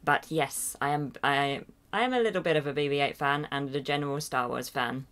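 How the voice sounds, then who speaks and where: Low-voiced English woman chatting on stream. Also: a little fast, a bit bright. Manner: rambling, hesitant, self-deprecating, with frequent fillers and chuckles. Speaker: livestream host. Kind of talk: casual live chat reading viewer comments. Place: home room at a computer. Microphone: desk mic near a loud keyboard.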